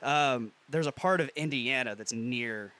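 A man hosts a podcast in loose, casual chat. His voice is bright and forward at an ordinary pitch. He rambles, restarts and chuckles as he jokes. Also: unhurried. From US Midwest. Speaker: podcast host.

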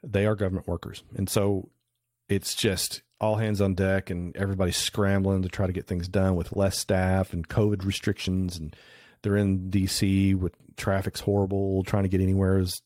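A man's voice: low-pitched, level tone, normal speed, darkish tone, no echo, studio quality. A middle-aged man, a photographer guest on a podcast, telling rambling anecdotes with lots of restarts in a casual interview. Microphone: remote call recording.

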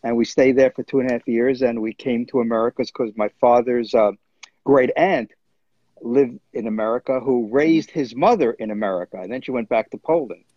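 A man in his seventies, a professor and economist, answering interview questions over a video call in a measured, hesitant way. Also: medium pitch, dark tone, no room sound. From born in Germany, raised in New Jersey. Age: 70s. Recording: dull, dry video call audio.

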